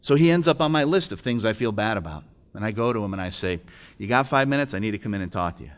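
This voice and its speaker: A man's voice: fairly low pitch, animated, fast, clean tone. Man telling a heartfelt personal story. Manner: storytelling, acts out dialogue, emotional. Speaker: speaker at a business breakfast. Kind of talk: personal testimony speech. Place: event hall.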